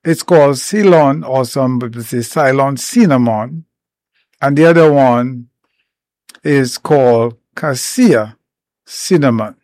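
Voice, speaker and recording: Man, herbal educator, informal explanatory talk, slow pace, dry sound, pauses between points. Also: mid-range voice, a little mellow, no room sound. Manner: unhurried, explains step by step with many pauses.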